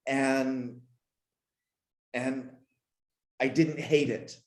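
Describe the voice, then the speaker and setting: A man in his forties from Canada speaks haltingly as a podcast guest, circling back and repeating words as he feels his way through a memory. His voice sits in a middling register, and he sounds emotional, at times choked up. The recording has a roomy, echoey sound. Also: mid-range voice, fairly even intonation. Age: 40s. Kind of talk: reflective conversational interview.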